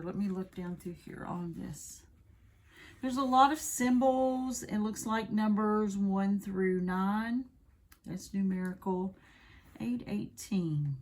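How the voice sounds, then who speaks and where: A woman's voice: medium pitch, darkish tone. A woman with a Southern accent, chatting and rambling casually as she unboxes and shows off a craft kit. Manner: chatty, rambling, self-correcting. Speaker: craft video host.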